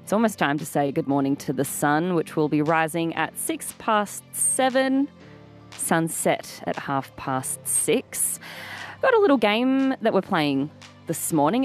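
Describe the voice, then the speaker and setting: Playful Australian woman on breakfast radio. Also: fairly low pitch. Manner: chatty and playful, with lively laughs. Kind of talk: casual radio chat. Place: radio studio. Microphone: studio microphone.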